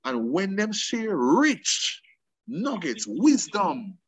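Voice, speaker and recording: A man's voice: high-pitched, wildly swooping pitch, very slow, husky. A man with a Jamaican accent speaking as an interview guest, switching between patois and English with passionate emphasis.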